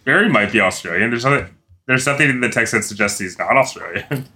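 Bright-voiced man who laughs often. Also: medium pitch, expressive, fast. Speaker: podcast co-host. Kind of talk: casual book-club chat.

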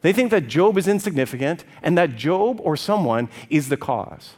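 A man preaching a sermon in an animated, conversational way, often checking in with his listeners. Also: on the high side, normal speed.

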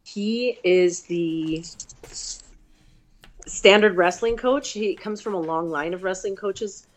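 A woman's voice: mid-range voice, slow pace. A woman, a grappler and fighter, telling stories in a chatty, profane way as a guest in a casual interview. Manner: chatty, profane, animated storytelling.

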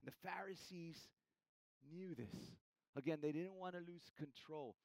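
A man, preaching a sermon and calling his listeners "church", swinging between loud emphasis and hushed, soft lines. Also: on the high side, unhurried, creaky, no room sound, low-quality recording. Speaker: pastor.

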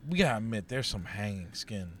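A man hosting a podcast in casual chat, relaxed and quick to laugh. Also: fairly low pitch, a little hiss or hum. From Italian Cuban family. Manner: relaxed, laughs easily, storytelling. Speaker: podcast host.

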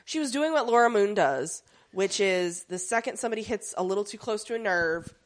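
Briskly and with a lively, medium-pitched voice, a woman co-hosting a podcast chats casually about a TV episode. She recaps it with real animation and now and then imitates the characters.

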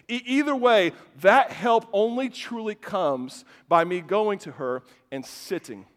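A man's voice: high voice, a little fast, few pauses, in a large hall. A man in his thirties preaching a sermon as pastor, impassioned and emphatic, often restarting his words. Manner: impassioned, rising to loud emphatic bursts, with repeated restarts. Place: church hall.

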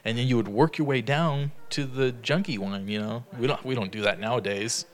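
A man leads a relaxed Bible study in an easygoing, talkative way. He laughs often and acts out the stories in quick bits of dialogue. His voice sits at an ordinary middle pitch for a man. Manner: chatty, laughs often, retells stories in lively quoted dialogue. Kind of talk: casual Bible study teaching.

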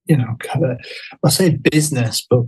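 Husky, hesitant man chatting. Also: medium pitch, normal speed, darkish tone, rough recording. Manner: hesitant, many fillers and restarts. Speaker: podcast guest. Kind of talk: casual chat.

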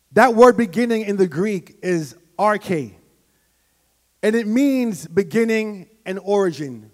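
A man preaching a sermon in a church, moving from quiet teaching to shouted prayer. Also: sits high, lively intonation, measured pace. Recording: long hall reverb.

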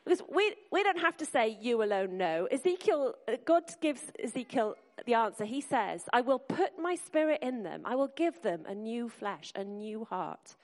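A woman's voice: fairly high pitch, animated, normal speed, hardly any pauses, a little mellow. A woman preaching a sermon to a congregation in an earnest, encouraging way, speaking directly to the listeners. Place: church hall. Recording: long hall reverb.

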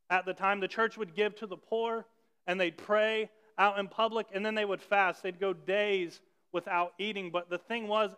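A man's voice: sits high, bright, forceful tone, clear, resonant tone. A man preaching a sermon as pastor, talking conversationally and asking ironic rhetorical questions. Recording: long reverb of a large hall.

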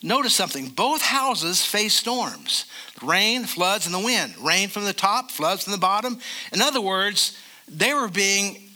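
An older man preaching a sermon as a pastor, emphatic, and slowing down to stress key phrases. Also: high voice, animated, sharp tone.

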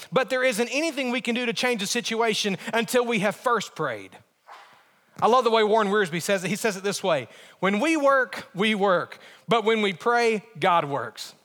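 A man preaching a sermon as pastor, earnest, with quick humorous asides. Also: very high voice, a bit bright. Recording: echoey church hall.

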